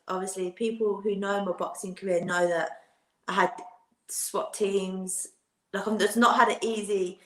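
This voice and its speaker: A British woman answering interview questions in a plain, unpolished way, often restarting her sentences. Her voice sits at a middling pitch and carries a noticeable roominess from her remote recording. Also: a bit bright. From Britain. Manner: plain-spoken, hesitant restarts. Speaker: guest, professional boxer. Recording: roomy remote audio.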